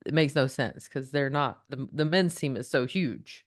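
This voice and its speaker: A woman's voice: rumbling low, no room sound, studio quality. A woman comedian who is a guest on a podcast, chatting casually and joking easily. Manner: joking, quick to laugh. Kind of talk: casual chat.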